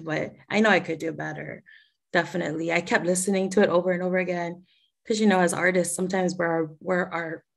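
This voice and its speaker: A young woman talks on a video call in a loose, chatty way, often laughing and starting her sentences over. Her voice sits low and has a gravelly fry. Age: young adult. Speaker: voice actor. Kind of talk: casual video call chat.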